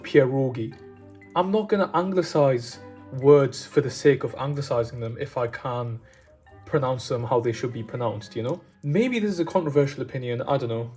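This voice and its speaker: A cooking vlogger with a mid-range, dark-toned voice chats casually and enthusiastically while he cooks. He keeps wandering off on tangents.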